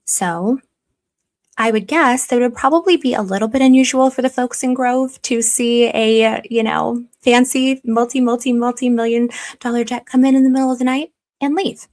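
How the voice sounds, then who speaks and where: A woman's voice: a little high, steady tone, normal speed, darkish tone. A woman talking through her investigation in a casual commentary, rambling with restarts and speculative asides.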